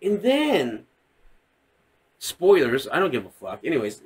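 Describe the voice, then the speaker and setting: A man's voice: a little high, huge pitch swings, a little slow, slightly rough. A man co-hosting a podcast, chatting casually and profanely, acting out scenes with silly voices. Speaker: podcast co-host. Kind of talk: casual chat.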